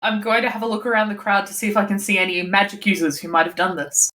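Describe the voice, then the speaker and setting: A woman's voice: mid-range voice, fast, fairly bright tone, low-quality recording. A woman playing a tabletop game, casually and decisively announcing what her character does. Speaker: player.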